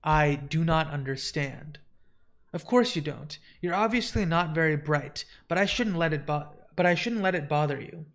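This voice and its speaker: A man's voice: a little high, expressive, normal speed, a bit bright. A man voicing a haughty old grandmother. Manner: haughty, insistent. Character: proud, sharp older grandmother.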